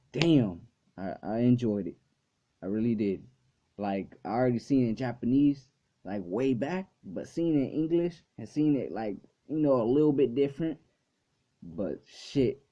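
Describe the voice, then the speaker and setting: With a lowish, mellow voice, a channel host reviews anime casually, cursing freely and leaning on "like" as filler. The audio is a dull lo-fi recording.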